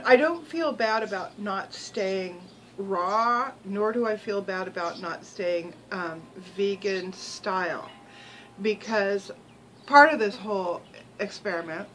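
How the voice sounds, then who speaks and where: Chatty older woman with a bright voice. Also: medium pitch, unhurried, slight background noise, rough recording. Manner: rambling, chatty, many ums and restarts. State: chewing while talking. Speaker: vlogger. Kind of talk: casual chat to camera.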